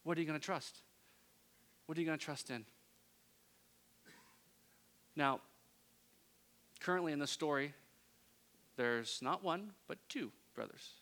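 A man preaching a sermon, moving between hushed, intimate passages and loud, impassioned pleading. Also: a little high, unhurried, pauses often.

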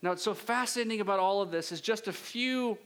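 High-voiced male pastor, casual preaching style, asks the room questions and lingers on words. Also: fairly bright tone, clear, resonant tone. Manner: conversational, rhetorical questions, drawn-out pauses. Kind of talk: sermon.

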